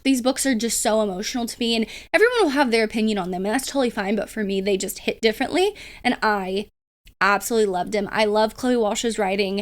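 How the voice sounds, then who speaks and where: Chatty young woman reviewing books. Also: on the high side. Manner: chatty, gushing, filler-heavy with likes and ums. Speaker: booktube host. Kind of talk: casual book review chat.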